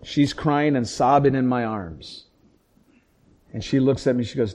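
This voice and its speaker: A middle-aged man, a pastor by trade, recounts a painful family story in conversation. He acts out each voice in the dialogue, dropping to a hush and then rising sharply with real intensity. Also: medium pitch, measured pace. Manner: dramatic storyteller acting out quoted dialogue, swings from hushed to loud. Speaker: pastor and police chaplain. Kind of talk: emotional personal storytelling in conversation.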